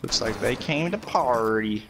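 A man's voice: medium pitch, animated, measured pace, background noise. A young man gaming over a headset, cracking dry wisecracks at his teammate. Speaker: gamer. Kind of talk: casual gaming chat.

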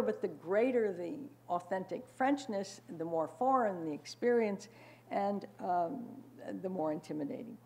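A woman's voice: lowish voice, gravelly, darkish tone, a little hiss or hum. An older woman giving a prepared panel talk in a wry manner, with frequent fillers and asides. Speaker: panel speaker.

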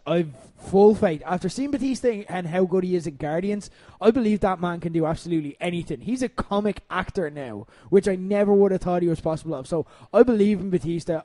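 High-voiced Irish man hosting a podcast. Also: no room sound. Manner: animated storyteller, swears freely, laughs often. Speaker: wrestling podcast host. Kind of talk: casual comedic podcast talk.

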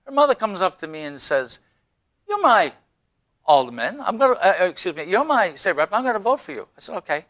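A man hosting a casual local political talk show, jokey and animated, getting loud as he tells stories. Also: high-pitched, brisk. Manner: animated, jokey, raises voice when telling stories.

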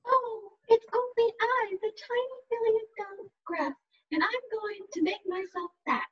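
A woman voicing the tiny youngest billy goat, pleading in a small squeaky voice for a storybook reading. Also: a little slow, muffled recording. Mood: chirpy.

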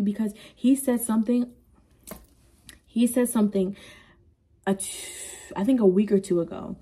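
A woman's voice: medium pitch, dark tone, husky. A woman vlogging candidly about her own parenting, earnest and rambling, with many "you know" asides. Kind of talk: candid personal talk to camera.

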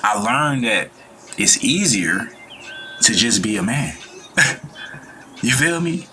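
In a casual reaction video, the host speaks in a relaxed, slangy way, preaching about life and good vibes and mimicking the people he quotes in altered voices. His mid-range voice is bright, forceful, and sing-song, he takes his time, and there's slight background noise.

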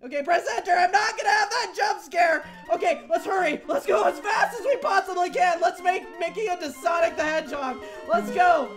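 A young woman gaming YouTuber with a very high voice plays a horror game for her channel, talking fairly quickly with hardly any pauses over the game music. She's jumpy and giggly, squealing at scares and chatting with viewers between them.

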